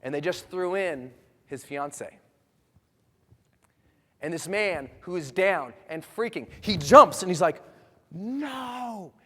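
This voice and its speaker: A man's voice: high voice, a bit bright. A man giving a motivational seminar talk to a live audience, telling stories with energy and strong emphasis. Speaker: motivational speaker. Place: large hall with live audience. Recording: echoey hall reverb.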